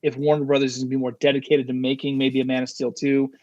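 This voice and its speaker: A man's voice: mid-range voice, fast, no room sound, muffled recording. A man talking casually as a podcast guest, getting fired up and swearing as he talks. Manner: fired-up, swears when excited.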